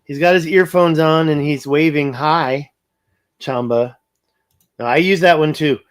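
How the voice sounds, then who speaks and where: A man's voice: on the high side, a little slow. A man hosting a casual livestream, thinking aloud as he pans over a map and reads viewer comments. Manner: rambling, thinking aloud, reading viewer chat. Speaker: livestream host.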